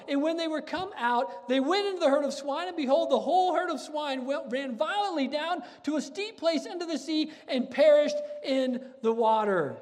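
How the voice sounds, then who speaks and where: A man, a pastor, preaching a sermon and reading scripture aloud, talking in an earnest, animated way with frequent restarts. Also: very high voice, in a large hall.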